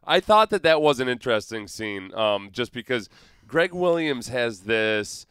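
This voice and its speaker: Man, ex-football player, casual sports chat, smooth clear voice, dry close sound, laughs often. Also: medium pitch, sing-song, unhurried, fairly bright tone, no echo. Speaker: former pro football player turned co-host.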